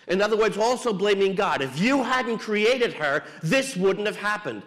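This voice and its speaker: A male priest gives a homily in a relaxed, wry, conversational manner. His voice sits slightly high for a man. A long reverb trails each phrase, as in a church. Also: moderate pace, hardly any pauses. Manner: conversational preaching with wry jokes. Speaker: Catholic priest.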